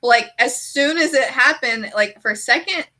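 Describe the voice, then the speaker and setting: A woman streamer in casual chat, an animated storyteller who fills her talk with "like". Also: sits high, normal speed. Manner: chatty, heavy use of "like".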